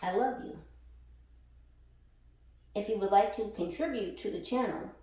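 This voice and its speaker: A spiritual tarot reader talks to her followers in a slightly slow, dark-toned, medium-pitched voice. Her casual reading is blunt and peppered with swearing, and she laughs often while talking. The room is echoey and the mic sits far from her.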